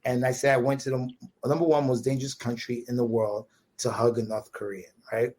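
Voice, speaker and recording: A man from Brooklyn with a husky, slightly breathy voice, talking in a New York accent. His voice sits at an ordinary middle pitch, and he tells his story animatedly, restarting phrases and acting out both sides of a conversation. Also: a little fast. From Brooklyn, USA. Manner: animated, repetitive restarts, quotes dialogue with "right?" tags. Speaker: podcast guest. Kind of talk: casual storytelling.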